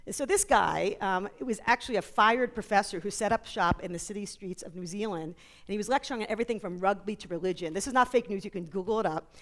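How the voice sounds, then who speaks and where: Quick jokes and asides run through the animated stories of this New York, USA, woman, an author and psychologist guest. She speaks at a middle pitch during a conference interview talk held on a conference stage.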